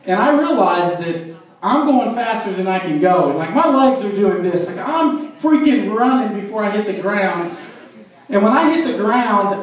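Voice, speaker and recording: A man's voice: high-pitched, lively intonation, normal speed. A man doing a stand-up comedy set, telling crude stories and teasing the crowd. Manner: crude storytelling with crowd work. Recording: echoey club from far off.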